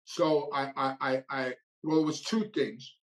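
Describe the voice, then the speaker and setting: A man's voice: medium pitch, steady tone, a little slow, low-quality recording. A man, telling his recovery story in a blunt, streetwise way, often repeating and restarting phrases. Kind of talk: casual storytelling monologue.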